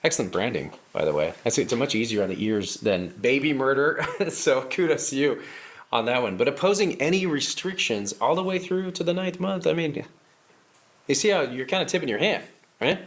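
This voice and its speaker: A man's voice: mid-range voice, lively intonation, brisk, natural voice. A man playing a sarcastic political strategist in a comedy sketch, who laughs at his own lines. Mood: smug. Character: scheming male political strategist coaching activists.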